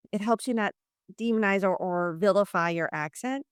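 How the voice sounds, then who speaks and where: A woman's voice: medium pitch, unhurried, clean tone, no room sound, clean studio sound. A woman from New Orleans, a communication coach, explaining ideas in an interview over a video call and acting out quoted exchanges. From New Orleans, Louisiana, US South. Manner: explanatory, acts out quoted exchanges in lively voices. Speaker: leadership communication coach, guest. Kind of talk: conversational interview.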